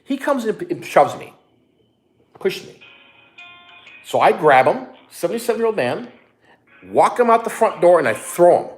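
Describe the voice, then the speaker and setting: A middle-aged man telling a story with a voice that leaps up and down in pitch. He swears freely and acts out what people said in quick bursts. Faint music sits under the talk. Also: very animated. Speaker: online reseller and co-host. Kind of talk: casual storytelling chat.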